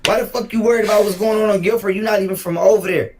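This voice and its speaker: A man's voice: high voice, steady tone, racing, a little hiss or hum. A man ranting angrily on a live stream, insulting people and repeating his points. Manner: angry, insulting, repeats himself. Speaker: streamer in a played clip. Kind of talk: heated live-stream rant.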